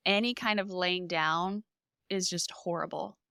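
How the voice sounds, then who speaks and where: Woman, young adult, podcast guest; crisp, bright tone; emotional, lively storyteller, dry close sound. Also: on the low side, a little slow, dry recording. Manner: animated, emotional retelling with lively reenacted quotes. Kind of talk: personal storytelling in a podcast interview.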